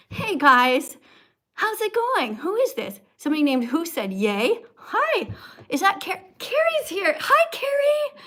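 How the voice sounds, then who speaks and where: A woman's voice: high voice, a bit bright. A woman in her sixties hosting a casual livestream, chatty and upbeat, laughing as she greets viewers and reads comments. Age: 60s. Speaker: livestream host. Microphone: phone camera livestream.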